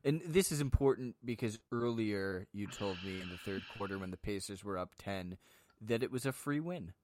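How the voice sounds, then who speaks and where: A man's voice: on the low side, expressive, moderate pace, a little mellow, dry recording. A man hosting a casual sports podcast, playfully needling his co-host in a mock-formal way.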